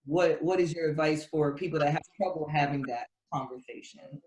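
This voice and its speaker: A man's voice: a little high, brisk, a little mellow, echoey room, rough recording. A man hosting an online panel, asking long, rambling questions full of fillers. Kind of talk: casual panel talk.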